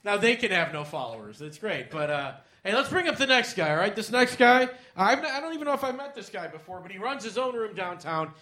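A man's voice: sits high, lively intonation, a little fast, hardly any pauses, bright, forceful tone. A man hosting a live comedy podcast, introducing comics in a loose, chatty way. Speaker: podcast host and emcee.

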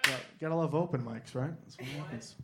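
A man's voice: medium pitch, brisk, over a noisy crowd. A man in his thirties doing a wry, self-deprecating stand-up set at an open mic. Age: 30s. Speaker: stand-up comedian.

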